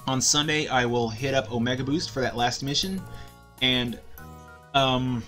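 A man's voice: medium pitch, measured pace, a bit bright, soft background music. A man streaming a game live and commenting casually, often stammering and filling gaps with ums and uhs.

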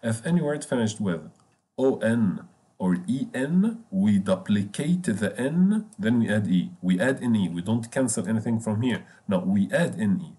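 A man whose first language is Arabic teaches a beginners' language class in English. His voice sits low and mellow. He is patient, repeats each word and spells it out letter by letter. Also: expressive. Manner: patient, repetitive, spells out words slowly. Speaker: French teacher. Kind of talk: explaining a language lesson.

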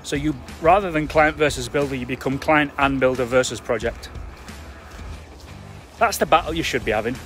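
With soft music playing behind him, a construction trainer coaches property investors on a live stream in a blunt, emphatic, filler-heavy, chatty way. He speaks at normal speed in a mid-range voice, leaving long pauses.

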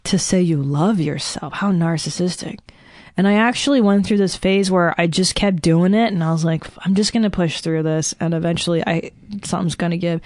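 A woman's voice: on the low side, a little mellow, no room sound, studio quality. A woman guest on a podcast, talking candidly and self-deprecatingly and swearing freely. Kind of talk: candid conversation.

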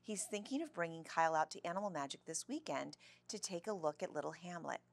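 A woman voicing a loud, cheery older woman who works as a lunch lady and chatters on in a bubbly way. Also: deep voice, expressive, quick pace, creaky, full character voice.

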